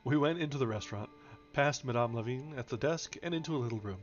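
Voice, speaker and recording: A man's voice: mid-range voice, quick pace. A man reading a novel aloud on a livestream, now and then stumbling and correcting himself on foreign names. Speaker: audiobook reader. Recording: dull lo-fi with faint music.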